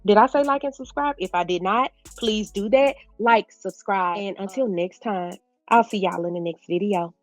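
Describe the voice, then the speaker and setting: A woman's voice: medium pitch, normal speed, no echo, faint music behind. Chatty woman recapping a TV show, dry sound. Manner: chatty, addresses viewers as "y'all"; informal slangy speech. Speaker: TV recap vlogger. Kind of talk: casual TV recap to viewers.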